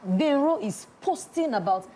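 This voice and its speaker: A woman's voice: high voice, lively intonation, measured pace, warm tone, a little hiss or hum. A woman with a Nigerian English accent co-hosting a radio talk show. She gives firm opinions with a joking edge. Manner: opinionated, jokey, mixes in pidgin. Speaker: co-host.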